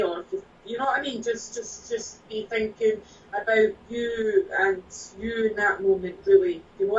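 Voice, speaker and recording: A Scottish woman with a higher-pitched voice, joking and laughing often, then earnest and warm when she gives advice. She sounds distant, in an echoey room. The sound is muffled and lo-fi. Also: slight background noise. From Scotland. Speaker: guest. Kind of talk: casual chat on a live broadcast. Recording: echoey, dull sound, from far off.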